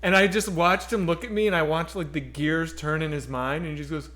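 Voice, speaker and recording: A man's voice: sits high, fast, few pauses. A man co-hosting a casual streamed chat show, telling stories and acting out what people said, swearing freely. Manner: animated, acts out quoted voices, swears freely. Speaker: podcast co-host. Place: home streaming setup.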